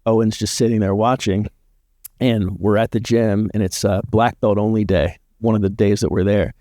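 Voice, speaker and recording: Male podcast guest, laid-back storyteller, lowish warm voice, dry close sound. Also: moderate pace, dry recording. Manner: relaxed storyteller with frequent "like" fillers. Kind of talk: casual storytelling chat.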